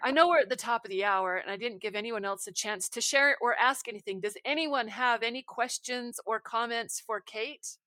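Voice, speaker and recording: A woman hosting an online book club over a video call, effusive and quick to read passages aloud. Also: on the high side, sharp tone, no echo. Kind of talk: casual online meetup chat.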